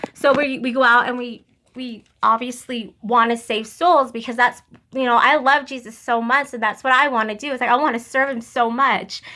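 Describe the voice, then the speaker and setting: A young woman giving an emotional religious testimony, earnest and halting, close to tears, with many restarts. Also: sits high, pushed and bright. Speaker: vlogger sharing religious testimony.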